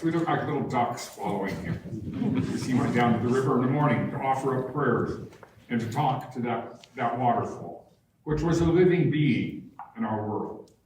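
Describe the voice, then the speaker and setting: An older man giving a public talk, telling his stories in an unhurried, humorous way. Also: mid-range voice, a little hiss or hum. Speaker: guest speaker at a public talk. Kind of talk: storytelling talk. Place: large barn hall with an audience. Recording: echoey hall, far from the mic.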